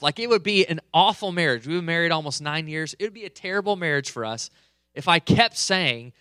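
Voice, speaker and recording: Pastor guy in his 30s telling a funny story mid-sermon, bright forceful voice, super dry sound. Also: a little high, animated, brisk, clear, resonant tone, no room sound. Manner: conversational, joking with the congregation. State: a bit under the weather, coughing. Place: church hall, live service.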